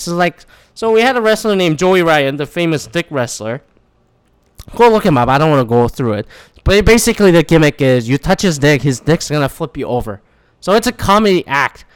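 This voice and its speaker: A man's voice: fairly high pitch, smooth, no echo. Swearing man ranting about a wrestling show. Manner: animated, swears a lot, acts out quotes. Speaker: wrestling fan recapping a live show. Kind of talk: casual profane rant.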